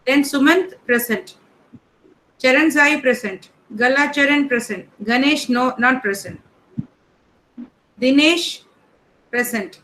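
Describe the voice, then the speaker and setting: A woman teacher, calling the roll in an online class in a brisk, matter-of-fact way. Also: high-pitched, sharp tone, rough recording. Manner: reads names one by one in a brisk, matter-of-fact way.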